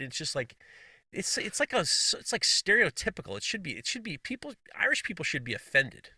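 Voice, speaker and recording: A man's voice: fairly high pitch, sing-song, fairly quick, bright, forceful tone, no echo. A man co-hosting a casual podcast, reading listener messages aloud with frequent laughs and blunt, swearing asides.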